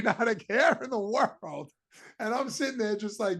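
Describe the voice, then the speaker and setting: A man, telling a long story on a podcast in an animated, exasperated way, with swearing. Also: high-pitched, moderate pace. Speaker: podcast co-host. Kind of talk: casual storytelling.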